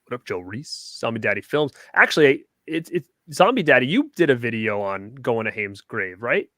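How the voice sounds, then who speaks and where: Male host for a live chat stream, bright and dry, shouts out viewers. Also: medium pitch, big pitch swings, normal speed, no echo. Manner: reads viewer comments, shouts out names.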